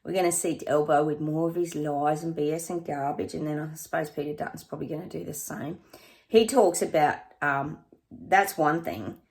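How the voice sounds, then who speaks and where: Middle-aged Australian woman vlogger, lowish voice, rambling casual chat. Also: steady tone, normal speed, creaky, a little mellow. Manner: chatty, rambling, addresses viewers as guys. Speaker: psychic vlogger.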